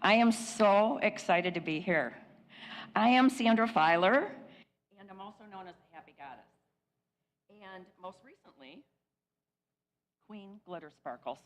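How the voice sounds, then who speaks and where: A woman's voice: mid-range voice, animated, unhurried, long pauses. A woman guest speaker giving an upbeat, enthusiastic inspirational talk at a spiritual center. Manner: bubbly, enthusiastic.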